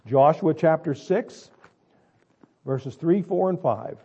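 A male pastor preaching a sermon, swinging between quiet asides and drawn-out, emphatic lines. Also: fairly high pitch, animated, slightly rough, dull audio. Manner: dramatic, swings between quiet and loud, stretches words.

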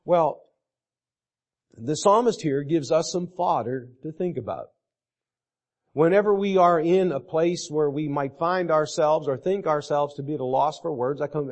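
A middle-aged man preaching a sermon on a Psalm, reading verses aloud and repeating key phrases slowly for emphasis. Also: on the high side, lively intonation, a little mellow. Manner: slow and deliberate, repeating scripture phrases for emphasis.

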